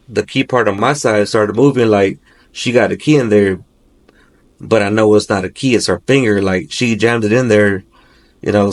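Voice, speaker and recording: A man, a father of three, recounting a nightmare as a podcast guest, rambling and peppering his talk with "you know" and "like". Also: lowish voice. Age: adult, father of three.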